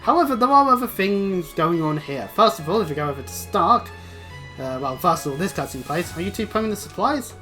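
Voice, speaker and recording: A man's voice: fairly high pitch, lively intonation, brisk, sharp tone, faint music behind. A man from Britain casually commenting while playing a video game, chatty and prone to restarting his sentences. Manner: chatty, rambling, self-interrupting. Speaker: let's play host.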